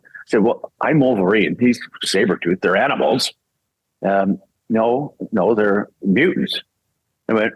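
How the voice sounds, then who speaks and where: A man's voice: medium pitch, animated, normal speed, husky, no echo, poor audio. An older man from Canada, a voice actor and singer, telling a casual story and acting out the voices he quotes, laughing often.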